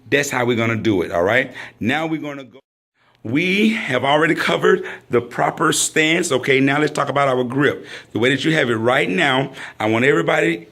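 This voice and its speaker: A man's voice: fairly high pitch, fairly bright tone. A man teaching a hands-on training class, praising often and calling out drill commands. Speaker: firearms instructor.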